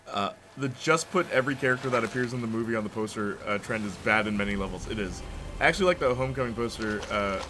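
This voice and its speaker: A man's voice: fairly low pitch, animated, quick pace, noisy background. Chatty streamer man over game audio. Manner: chatty, jokey, talks over cutscenes with filler "uh"s. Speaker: gaming streamer. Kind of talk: casual let's-play commentary.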